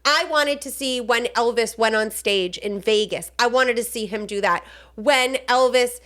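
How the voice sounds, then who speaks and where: High-voiced Long Island woman, chatty. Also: unhurried, fairly bright tone. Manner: chatty, full of fillers, does voices. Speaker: podcast co-host. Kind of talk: casual film review chat.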